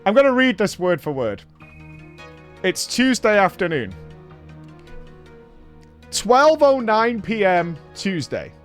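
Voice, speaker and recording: A man from Britain, hosting a show and telling a story in a casual recap, animated and swearing freely. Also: high-pitched, takes it slowly, long pauses, faint music behind. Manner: animated, swears freely, acts out quoted dialogue. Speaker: show host.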